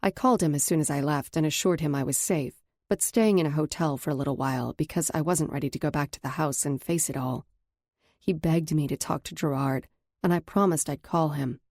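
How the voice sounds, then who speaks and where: A woman narrating a first-person romance audiobook in an intimate, measured way. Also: low voice, darkish tone, no room sound, studio quality.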